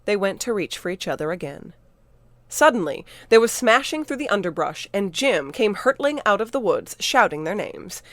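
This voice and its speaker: A woman narrating her own audiobook in a steady, even storytelling manner. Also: medium pitch, moderate pace, no room sound. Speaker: narrator and author.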